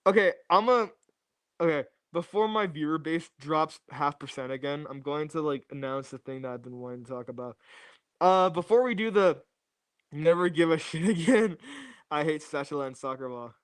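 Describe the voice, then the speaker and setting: A man's voice: fairly high pitch, lively intonation, normal speed, smooth, no echo, clean studio sound. A young man rambling and joking to his chat during a casual livestream, repeating catchphrases on a new mic. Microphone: new streaming mic.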